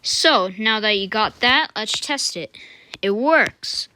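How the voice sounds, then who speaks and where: Slow-talking casual woman tutorial maker. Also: fairly high pitch, animated, a little hiss or hum. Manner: unhurried, thinking aloud with fillers and self-corrections; mutters quiet asides to herself. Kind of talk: casual screen-recorded coding tutorial.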